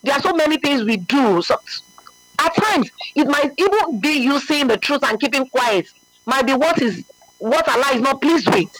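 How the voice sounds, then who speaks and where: High-voiced man teaching earnestly. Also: lively intonation, moderate pace, a bit bright, no room sound, poor audio. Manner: earnest, emphatic, often asks "you understand?". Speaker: religious speaker. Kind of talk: conversational religious teaching.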